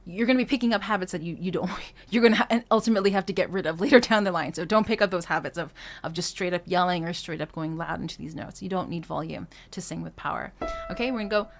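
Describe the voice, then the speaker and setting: A singing teacher with a voice on the low side talks at a quick pace, covering technique with frequent fillers and restarts between short sung demonstrations and vocal drills. Faint music sits in the background.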